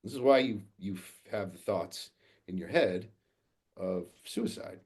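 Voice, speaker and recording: A man speaking as a guest on a podcast, telling a story in a blunt, profane, animated way. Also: low-pitched, unhurried, husky. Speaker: guest, fathers' coach.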